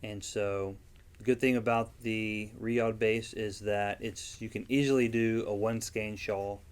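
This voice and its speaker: A man's voice: lowish voice, fairly even intonation, unhurried, clean tone. A man, a guest vendor in a casual interview, speaking in an easygoing, plain-spoken way with frequent ums. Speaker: yarn dyer and guest vendor.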